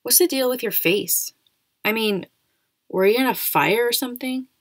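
A woman's voice: fairly high pitch, normal speed, no room sound, voice pushed up, natural voice. A woman voicing a snide, sarcastic ten-year-old schoolboy in a storybook reading, with a mocking, needling manner. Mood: sneering. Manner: sneering, mocking questions.

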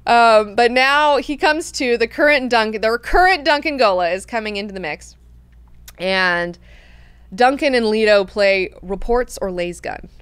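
A woman hosting an online book club, recapping chapters in an animated, enthusiastic way and swearing freely. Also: fairly high pitch, unhurried, clean tone, no room sound. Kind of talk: casual book discussion.

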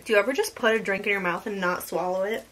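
A young woman with a mid-range, fairly bright voice talks quickly while hosting a casual eating vlog. She teases her friend and chats with her mouth full.

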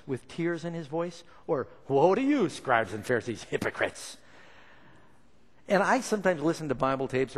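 A man preaching a sermon in a lively, expressive way, acting out the lines he quotes. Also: medium pitch. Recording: long reverb of a large hall.

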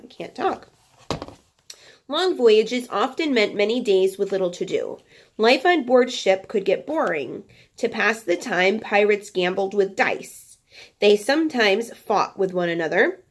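Teacher reading aloud with playful asides. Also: female voice, mid-range voice. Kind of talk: reading a book aloud to a class.

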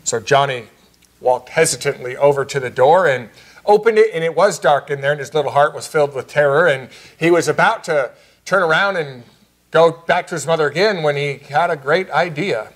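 Higher-voiced man preaching a sermon. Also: moderate pace. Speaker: pastor. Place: church sanctuary.

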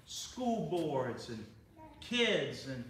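A man pastor telling stories in a sermon, excitable and building up to shouts. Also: mid-range voice, extremely slow. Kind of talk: storytelling sermon. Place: church. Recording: echoey sanctuary from far off, faint noise.

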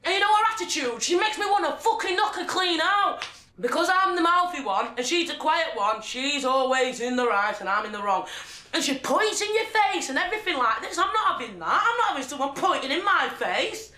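A young woman, the subject of a documentary, films her own video diary on a handheld camera she holds herself, and the sound is echoey. Her high voice is very animated, fairly quick and sharp-toned as she speaks bluntly, swears and sounds agitated.

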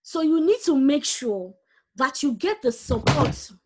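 A woman's voice: sits high, very animated, measured pace, a little mellow. A woman preaching a sermon, reading scripture aloud and urging her listeners directly.

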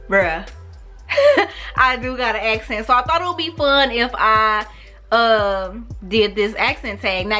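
Bright-voiced woman with a St. Louis accent. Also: a little high. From St. Louis, USA. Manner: relaxed, slangy, animated with laughs. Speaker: YouTuber. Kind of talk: casual vlog, talking to camera.

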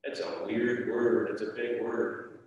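A man's voice: mid-range voice, level tone, slow pace, highs cut off, a little hiss or hum. A man teaching a confirmation class, reading scripture aloud and then questioning his students. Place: church room. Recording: echoey room from far off.

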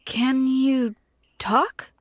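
A man's voice: extremely high pitch, steady tone, very slow, no echo, pitched above the performer's own voice, heavily acted. A man reading as a hesitant lost young heroine. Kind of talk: reading game dialogue aloud.

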